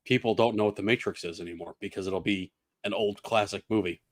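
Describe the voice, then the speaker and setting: A man's voice: on the low side, fast talker, no room sound. Dry-miked sardonic man chatting. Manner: opinionated, sardonic, swears casually. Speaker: podcast co-host. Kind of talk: casual chat.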